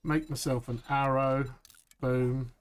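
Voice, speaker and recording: A man streaming a survival game live, chatty and upbeat, saying "boom" as he works. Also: flat delivery, slow pace, clear, resonant tone. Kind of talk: live gameplay commentary.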